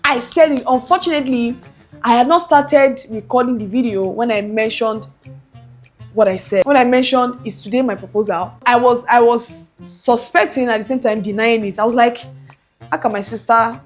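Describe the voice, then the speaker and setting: Fairly high-pitched and speaking at a moderate pace, a young female vlogger shares a personal story with her viewers in a casual, animated way. She performs the quoted voices herself, and faint music plays in the background.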